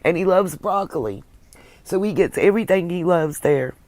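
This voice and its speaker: A woman with a Southern US accent hosting a casual livestream, chatting warmly and thanking viewers by name. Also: fairly low pitch, moderate pace, no room sound. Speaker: livestream host reading viewer comments. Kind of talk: casual chat.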